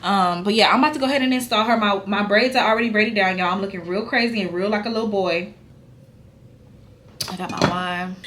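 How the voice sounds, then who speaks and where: A woman's voice: mid-range voice, fairly bright tone, a little hiss or hum. A young woman talks casually to her viewers from home. Her chat is loose and full of slang, and she keeps calling her audience y'all. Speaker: vlogger doing a wig install.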